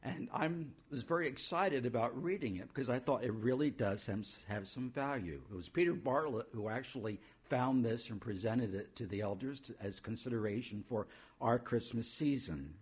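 A man's voice: mid-range voice, normal speed, slightly rough. A male pastor introducing a church service in a conversational way, with homely asides.

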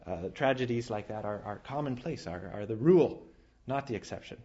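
An earnest male preacher delivering a sermon, his voice pitched in an ordinary middle range. He pushes up hard on emphatic lines, then sinks to quiet, low stretches, often circling back to restart a phrase. The recording is muffled and lo-fi. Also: animated, fairly quick. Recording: dull lo-fi sound.

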